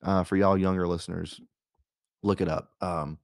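Chatty man with a low voice. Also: flat delivery, normal speed, gravelly, a little mellow, no echo, studio quality. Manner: rambling, chatty, with frequent fillers and restarts. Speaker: radio host. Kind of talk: casual storytelling monologue.

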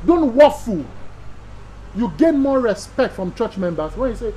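Emphatic Nigerian pastor preaching. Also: male voice, extremely high pitch, sing-song, unhurried, mellow, slight background noise, low-quality recording. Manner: emphatic, repetitive, rhetorical questions. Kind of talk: teaching sermon to pastors.

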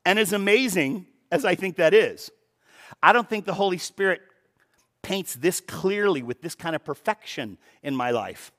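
A man preaching a sermon as pastor, animated, with rhetorical questions and repeated words as he starts his sentences. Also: high-pitched, moderate pace.

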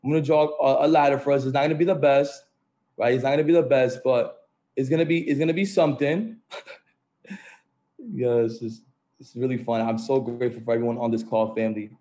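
A man's voice: medium pitch, steady tone, a little fast, warm tone. A man hosting a morning group call, giving an upbeat motivational talk over a video call, repeating phrases and checking in with the audience. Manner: upbeat, repetitive, keeps saying "right?" and "family".

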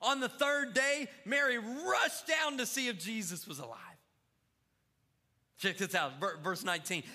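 A man's voice: sits high, sharp tone. A male pastor preaching a fervent sermon to his congregation, calling out to the crowd. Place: church sanctuary. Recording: long church reverb.

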